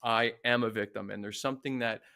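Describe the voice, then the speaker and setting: A man's voice: mid-range voice, steady tone, brisk, vocal fry, bright, forceful tone. A man hosts a podcast conversation in a plain, mid-range voice. He thinks aloud, feeling his way toward each idea as he speaks. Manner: reflective, searching for words. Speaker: podcast host. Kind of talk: conversational interview.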